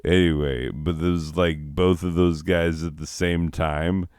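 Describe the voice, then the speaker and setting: A man with a low, unhurried voice rambles through crude jokes and chuckles at himself as he goes. His voice is smooth and close, with a dry sound and no room around it. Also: very animated, a little mellow, no echo. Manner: crude, rambling, laughs at own jokes, slips into silly voices. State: recovering from nausea. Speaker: comedy podcaster. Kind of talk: casual rambling comedic monologue.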